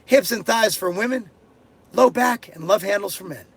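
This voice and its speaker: Middle-aged dude doing a live q&a, fairly high voice, crude jokes, cusses a lot, blunt answers. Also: male voice, moderate pace, creaky, husky. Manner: blunt, crude and joking, swears freely. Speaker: host answering viewer questions. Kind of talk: casual live-stream Q&A. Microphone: headphones and desk mic.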